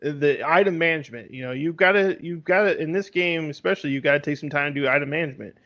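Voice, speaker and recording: A man's voice: fairly high pitch, fast talker. A man co-hosting a casual game review podcast, explaining strategies in a rambling, explanatory way. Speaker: podcast co-host. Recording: slightly dull lo-fi audio.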